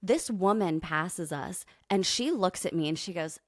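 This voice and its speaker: An animated American woman from California tells stories on a podcast, her pitch jumping around as she laughs through them. The sound is dry and close, with no room around her voice. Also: a little slow, no room sound. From California, USA. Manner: animated storyteller, laughs often. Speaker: guest co-host. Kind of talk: casual podcast chat.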